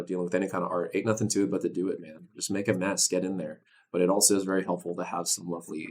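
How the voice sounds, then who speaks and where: A young man talks casually as a guest in an interview. His voice sits very low, and he speaks loosely, full of dude and man, with bursts of excitement. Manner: animated, laid-back, says dude and man a lot. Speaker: voice actor guest.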